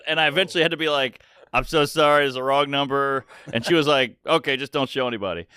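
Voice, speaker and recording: A man in casual podcast chat who tells a playful story and jumps into high voices for quotes. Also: expressive, fast talker, sharp tone, smooth, dry recording, clean studio sound.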